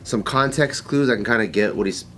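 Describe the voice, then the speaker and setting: A man's voice: lowish voice, fairly quick, a bit bright. A man in casual podcast chat, joking and laughing a lot. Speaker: podcast host.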